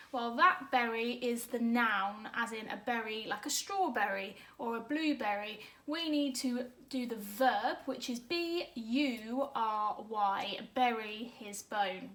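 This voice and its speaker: A fairly high-voiced woman teaching an online grammar lesson to young children. She sounds upbeat and encouraging, and she slows right down to spell words out letter by letter. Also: sharp tone. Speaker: primary school teacher.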